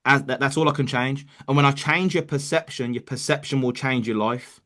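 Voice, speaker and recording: A man's voice: medium pitch, brisk, fairly bright tone. A man leading a motivational call about network marketing, talking casually with lots of restarts and "bro" and "man.". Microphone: online call.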